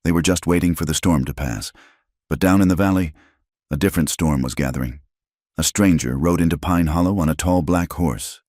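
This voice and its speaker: Male audiobook narrator, very deep, steady measured delivery, dry close mic. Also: dry recording.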